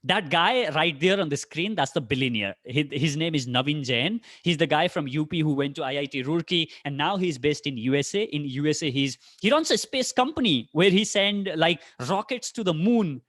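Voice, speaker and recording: Animated man with Indian English accent. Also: fairly high pitch, moderate pace, hardly any pauses, no echo, studio quality. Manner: animated, addresses audience directly with many rhetorical questions. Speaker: podcaster giving a career talk. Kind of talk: energetic online conference talk. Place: online conference.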